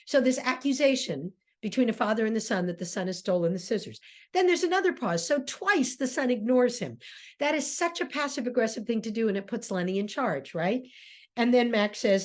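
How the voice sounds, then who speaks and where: A woman's voice: high voice, animated, moderate pace. A woman giving a classroom lecture as a theater director, emphatic and full of rhetorical questions.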